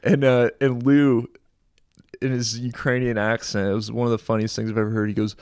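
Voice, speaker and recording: A man and military veteran, telling war stories in an animated, slangy way with frequent laughter. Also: medium pitch, brisk, clean tone, no room sound, clean studio sound. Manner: animated storyteller, slang like "dude", laughs a lot. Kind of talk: casual podcast storytelling.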